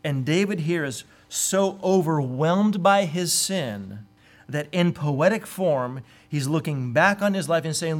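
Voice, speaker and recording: Earnest male preacher, higher voice. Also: takes it slowly, soft background music. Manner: earnest, acts out quoted voices with sudden lifts. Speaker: pastor. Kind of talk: sermon.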